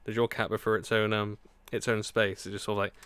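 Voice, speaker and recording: A man's voice: on the low side, level tone, fast, clear, resonant tone, no echo. Giggly man streaming a game. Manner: chatty, giggly, rambling. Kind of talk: casual live-stream commentary. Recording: loud game music behind. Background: game music.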